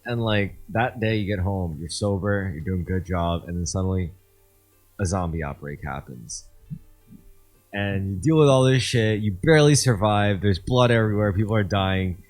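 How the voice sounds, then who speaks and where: A man's voice: fairly low pitch, lively intonation, normal speed, soft background music. A young man co-hosting a casual podcast chat, telling rambling stories and quoting other people animatedly. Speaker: podcast co-host.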